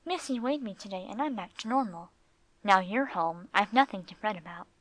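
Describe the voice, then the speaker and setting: A woman's voice: mid-range voice, lively intonation, normal speed, a bit bright, no room sound. A woman voicing Amarilla, a shy, timid female dog, in a storybook reading.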